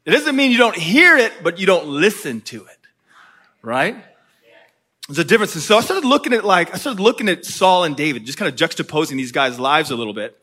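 A man with a noticeably high voice delivers a sermon. His talk is loose and conversational, and he keeps checking in with his listeners as he goes. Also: sing-song, brisk, bright, forceful tone. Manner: conversational, often checks in with the audience with "right?". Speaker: preacher.

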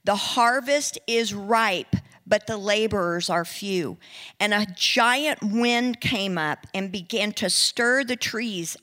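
A woman preaching, telling a story in an animated way and acting out the people in it. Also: medium pitch. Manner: animated, acts out quoted speech. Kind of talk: sermon storytelling. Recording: long reverb in a hall.

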